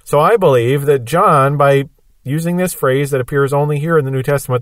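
A man's voice: on the high side, a little fast, dry recording. A man giving a Bible prophecy lesson, explaining patiently with everyday examples. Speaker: Bible teacher.

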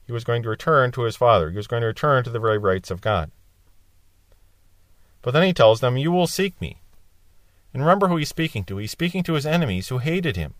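A man's voice: medium pitch, lively intonation, quick pace, a bit bright, no room sound, studio quality. A man teaching a Bible passage verse by verse, explaining it plainly and lifting his voice to stress quoted lines. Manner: explanatory, rising in emphasis on quoted cries.

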